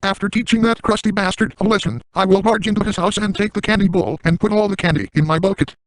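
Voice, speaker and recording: A high, thin voice plays a bratty young boy prankster, as a man puts him on, bragging through his plans in an even, deadpan delivery. The comedic monologue never rises to real excitement. It sits dry and close to the mic with no room sound. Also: fast, dry recording, lightly acted, low-quality recording. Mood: smug. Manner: flat, matter-of-fact first-person boasting.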